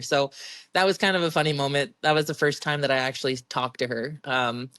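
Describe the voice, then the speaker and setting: A woman's voice: sits low, fairly quick, no echo, studio quality. A young adult woman telling stories from her competitions in a casual interview, chatty and laughing often. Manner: chatty, giggly, animated storytelling. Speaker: professional strongwoman guest.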